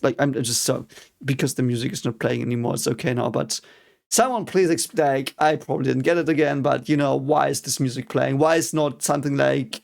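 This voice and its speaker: This reaction video host is a young German man whose German accent colors his casual take on an anime episode. His medium-pitched voice is creaky and a little mellow. Frustration runs through his commentary, which is full of swearing and sarcastic cheering outbursts.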